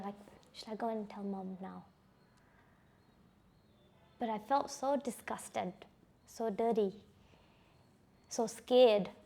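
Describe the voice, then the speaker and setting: A woman with a warm, creaky, mid-range voice shares her personal story as a survivor. She speaks reflectively and hesitantly, often restarting and saying "you know."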